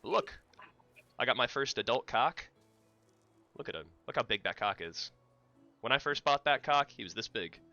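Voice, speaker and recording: A man's voice: medium pitch, lively intonation, normal speed, long pauses, bright, forceful tone, no echo, muffled recording, soft background music. An American man livestreaming a game, chatting casually and teasing his co-host in joking banter. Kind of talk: casual chat while gaming.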